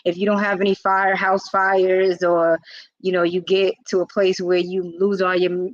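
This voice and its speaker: A woman's voice: on the low side, little pitch movement, moderate pace, no room sound. Earnest woman vlogger, slightly dull recording. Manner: informal, filler-heavy, earnest. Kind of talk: casual personal storytelling.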